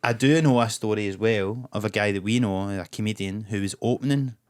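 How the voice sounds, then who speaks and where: Blunt, sweary Scottish podcast host. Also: male voice, on the low side, fairly quick, darkish tone. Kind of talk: casual podcast chat.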